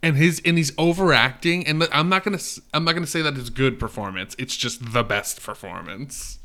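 A man's voice: medium pitch, brisk, sharp tone. A man co-hosting a podcast, chatting casually and animatedly about a movie, swearing and acting out quotes. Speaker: podcast co-host. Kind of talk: casual movie review chat.

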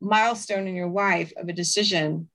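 A woman's voice: lowish voice, steady tone, normal speed, fairly bright tone. A woman podcast host who talks with her guest and leads prayer, declaring encouraging affirmations. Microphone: podcast mic.

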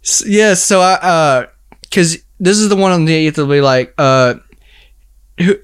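A young man in a casual chat, telling a story in a rambling way, full of filler words and quick laughs. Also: fairly high pitch, animated, clean tone, no room sound, studio quality.

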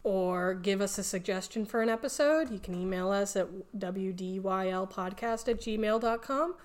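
A young adult woman co-hosting a casual podcast, talking with enthusiasm and laughing easily. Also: mid-range voice. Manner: enthusiastic, gushing, quick to laugh. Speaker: podcast co-host.

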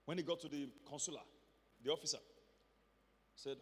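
A man's voice: a little high, fairly quick, pauses often, husky, big-room sound. A Nigerian man preaching as a pastor, telling a testimony and acting out the dialogue as he goes. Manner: animated storyteller acting out dialogue. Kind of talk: sermon testimony.

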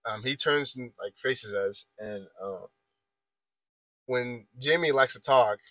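A man in his twenties recounts a workplace argument in loose, rambling podcast chat. His voice sits at an ordinary middle pitch. The sound is dry and close, with little room echo. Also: slow, a bit bright. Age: 20s. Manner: rambling, repeats filler phrases and restarts while retelling an argument. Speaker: podcast guest telling a story. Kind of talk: casual storytelling chat.

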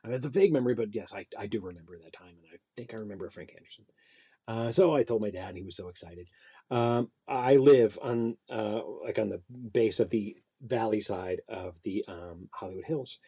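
A man's voice: a little fast, breathy edge. A middle-aged man, an actor and puppeteer, telling a story as a guest in a casual interview and acting out the people in it. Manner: animated storyteller, acts out voices with big pitch jumps.

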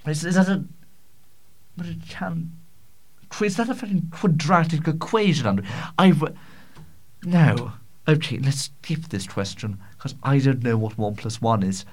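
Stammering, rambling man host. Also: on the high side. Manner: rambling, self-mocking, frequent stammers and swearing. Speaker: podcast host. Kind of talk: casual solo Q&A chat. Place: small home studio.

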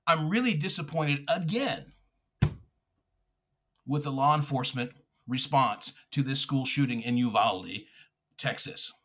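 Furious, bright-voiced man ranting. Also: medium pitch, measured pace, pauses often. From United States. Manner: furious, profane, shouting and mocking. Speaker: podcast host. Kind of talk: angry political rant.

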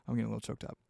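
A man's voice: warm tone, dry recording, clean studio sound. A young man hosting his own podcast, talking casually and heartfelt with lots of fillers and swearing. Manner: rambling, heartfelt, swears freely, many fillers. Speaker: podcast host. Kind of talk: casual solo podcast talk.

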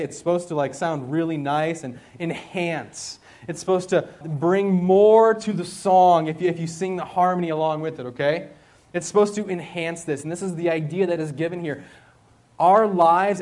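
Preaching a sermon to students as a school chapel speaker, a man keeps things conversational, using rhetorical questions and repeated phrases. His voice is fairly high in pitch and a little mellow.

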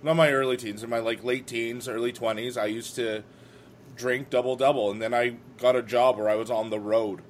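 A man's voice: mid-range voice, steady tone, moderate pace, a little hiss or hum. A man in his thirties chatting casually on a podcast, swearing freely and laughing easily. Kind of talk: casual chat.

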